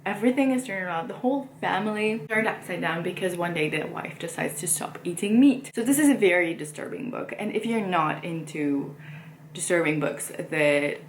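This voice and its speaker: A woman's voice: fairly low pitch, moderate pace, roomy sound, a little hiss or hum. A woman chatting casually about books she read and plans to read, rambling with frequent fillers. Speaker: book vlogger. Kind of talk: casual book chat.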